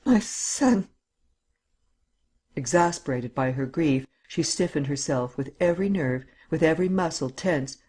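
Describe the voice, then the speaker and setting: A man reading a classic novel as an audiobook in a measured storytelling voice, acting out the dialogue. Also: a little high, darkish tone, breathy edge. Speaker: audiobook narrator. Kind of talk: scripted audiobook narration.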